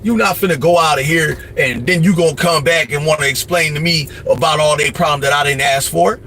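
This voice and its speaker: A man hosting a livestream, giving casual life advice in a blunt, profane, preachy way, often mimicking other people in quick asides. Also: fairly high pitch, sharp tone, a little hiss or hum. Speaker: livestream host.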